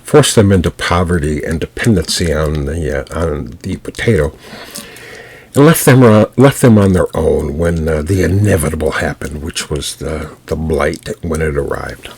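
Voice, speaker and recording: A man hosting his own podcast, talking through a history lesson at an unhurried pace with frequent pauses and restarts. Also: extremely low pitch, a little mellow, breathy edge. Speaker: storyteller and podcast host. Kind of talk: solo podcast history talk. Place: home.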